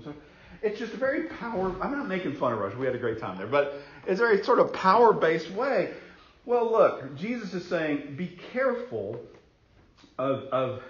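Man, pastor, conversational sermon, animated storytelling, dull lo-fi recording. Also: mid-range voice. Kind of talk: sermon with personal stories. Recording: roomy echo, dull lo-fi sound, faint noise.

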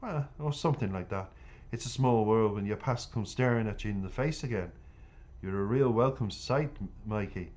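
A man voicing gruff street lad. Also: fairly low pitch, normal speed, a little mellow, natural voice. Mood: teasing. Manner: gruff, commanding. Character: tough street-gang boy Buster, bossy.

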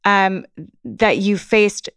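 A woman's voice: mid-range voice, fairly even intonation, drawn-out words, creaky, fairly bright tone, no echo, studio quality. A woman hosting a podcast interview, talking casually and enthusiastically with filler words. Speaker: podcast host. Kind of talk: interview conversation.

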